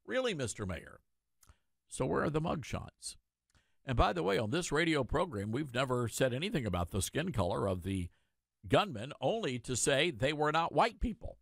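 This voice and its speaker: Sarcastic, animated male radio host. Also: medium pitch, normal speed, gravelly, no echo, studio quality. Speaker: radio talk show host. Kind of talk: opinion talk radio monologue.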